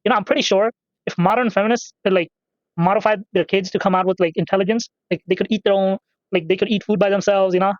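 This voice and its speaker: Fast-talking, high-voiced rambling gamer guy. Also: steady tone, no echo, highs cut off. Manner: rambling, profane, off-topic storytelling. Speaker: gaming channel host. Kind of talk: casual gameplay commentary.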